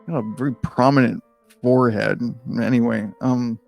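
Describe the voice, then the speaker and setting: A man's voice: mid-range voice, fairly even intonation, normal speed, creaky, darkish tone, dry recording, faint music behind. A man reading a choose-your-own-adventure book aloud in a casual, comedic way, with rambling, self-deprecating asides and frequent swearing.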